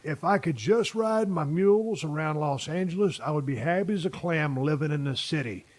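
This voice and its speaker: A man's voice: fairly high pitch, normal speed, a little mellow. A man in his fifties hosting a casual podcast chat, telling long stories full of profanity. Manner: profane, rambling storyteller. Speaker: podcast host.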